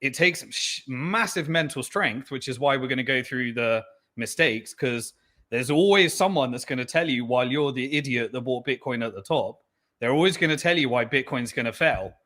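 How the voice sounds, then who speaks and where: A man answers an interviewer earnestly, filling his pauses with "um". His voice is bright and sharp. His pitch sits in the middle range. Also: expressive. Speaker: interview guest. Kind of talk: candid interview talk.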